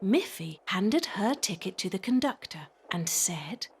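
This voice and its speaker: A woman narrating a children's storybook cartoon in a slow, gentle, lilting way. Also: medium pitch, sing-song, breathy edge.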